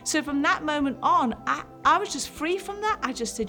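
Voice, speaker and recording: A woman pastor in her fifties tells a personal testimony to mothers, earnest and heartfelt. Her voice sits fairly high, with soft music playing faintly underneath. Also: animated, moderate pace, few pauses.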